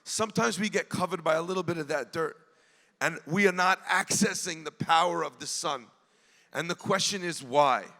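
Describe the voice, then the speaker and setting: An earnest man preaches a heartfelt sermon, speaking straight to the crowd and sinking to near whispers. His voice sits high and gravelly, with a bright, forceful edge. A long hall reverb trails his words. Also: moderate pace. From United States (New Jersey). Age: 40s. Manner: earnest, addresses the crowd directly, swells and drops to a hush. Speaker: rabbi giving a speech. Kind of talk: emotional sermon storytelling. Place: large event hall.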